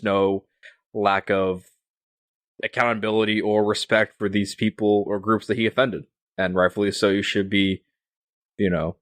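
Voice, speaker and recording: A man's voice: lowish voice, fairly bright tone, no echo. A young man hosting a casual sports podcast, rambling with lots of fillers and restarts. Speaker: podcast host.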